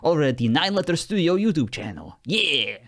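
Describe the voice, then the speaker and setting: A man's voice: on the high side, sing-song, fairly quick, a bit bright. A man hosting a test of a phone voice assistant, teasing it, getting exasperated and laughing often. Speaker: host testing a phone voice assistant. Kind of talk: casual talk with an AI.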